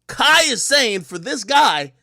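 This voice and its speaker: A man's voice: very high voice, sing-song, slow, bright, forceful tone, no room sound. Casual man commenting on a clip, dry sound. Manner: casual, explanatory, repeats "you know" and "like". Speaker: reaction streamer host.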